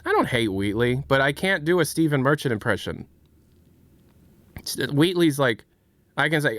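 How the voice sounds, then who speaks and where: Animated joking male streamer. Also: mid-range voice, moderate pace, long pauses, dry recording. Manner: joking, does impressions, lively. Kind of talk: casual livestream chat.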